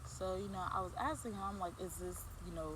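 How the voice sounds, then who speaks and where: A woman's voice: lowish voice, a little fast, noisy background. A woman vlogger telling a casual storytime, rambling with lots of fillers and restarts.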